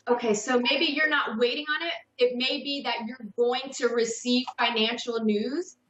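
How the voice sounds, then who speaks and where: A woman hosting a call-in psychic radio show, giving slow, hesitant readings full of fillers and restarts. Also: a little high, fairly even intonation, fairly bright tone, roomy sound, lo-fi sound.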